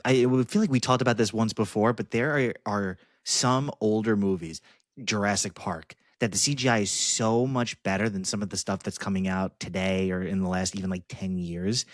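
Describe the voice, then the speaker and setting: A young man co-hosting a movie podcast in casual chat, telling stories in an animated way. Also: lowish voice, dry recording, studio quality. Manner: animated storytelling with playful voice impressions. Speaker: podcast co-host.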